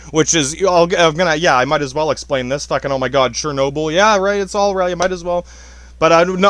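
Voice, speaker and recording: A man's voice: on the high side, fairly bright tone, no echo. Rambling, profane podcast man. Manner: rambling, profane, laughs often, restarts. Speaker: podcast host. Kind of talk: casual solo podcast monologue.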